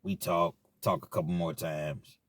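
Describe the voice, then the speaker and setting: A man's voice: deep voice, little pitch movement, unhurried, no room sound. A man telling a personal story in casual, slangy talk as a vlog host. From Kentucky, US.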